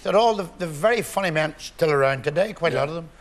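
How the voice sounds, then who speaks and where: A man's voice: fairly high pitch, animated, fast, a little hiss or hum. A man in his eighties, a comedian guest on a chat show, telling jokes with a chuckle. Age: 80s. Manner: jokey storyteller, chuckling. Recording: studio audience behind.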